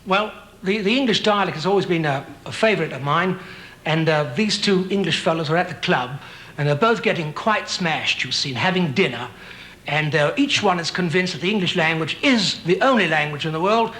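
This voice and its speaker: A male comedian chats and tells jokey anecdotes as a talk show guest. His voice is high and bright, quick with a punchline. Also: expressive. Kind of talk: talk show chat and storytelling.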